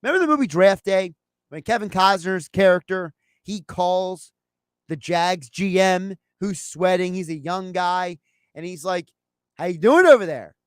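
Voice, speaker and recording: A man's voice: sits high, measured pace, clear, resonant tone, no room sound, studio quality. A man hosting a sports talk show, giving his take in a loose, conversational way and acting out imagined phone calls.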